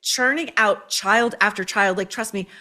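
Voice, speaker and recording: A woman's voice: medium pitch, normal speed, sharp tone. A woman hosting a commentary show, scathing and sarcastic as she tears into her subject. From United States. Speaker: host. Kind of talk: opinionated commentary.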